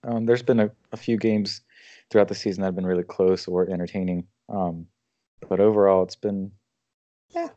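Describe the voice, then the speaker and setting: A man co-hosting a casual sports podcast, halting and searching for words. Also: low voice, steady tone, mellow, dry recording. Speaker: podcast co-host. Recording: dull, dry recording.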